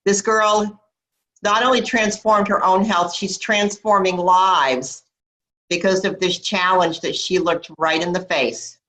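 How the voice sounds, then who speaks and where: A woman's voice: lowish voice, steady tone, a little slow, a bit bright, poor audio. A woman hosting a team video call, cheering on and introducing members with emphatic praise. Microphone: computer mic on video call.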